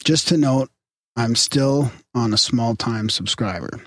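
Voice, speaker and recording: A man's voice: mid-range voice, measured pace, no echo. A man co-hosting a podcast, casually reading listener emails aloud with chuckles and restarts. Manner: laid-back, reads aloud with chuckles and restarts.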